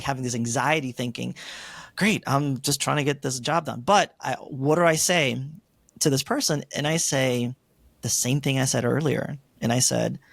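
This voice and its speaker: Animated storytelling man, slightly high voice. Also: no room sound. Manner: animated storyteller, acts out his own quoted lines. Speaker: interview guest. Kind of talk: storytelling in an interview.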